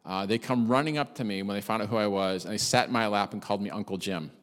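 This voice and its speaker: A male pastor delivers a sermon built around a personal story, talking fast in a lowish voice and full of side comments and self-deprecating jokes. He comes across animated and chatty. A long hall reverb trails behind his voice.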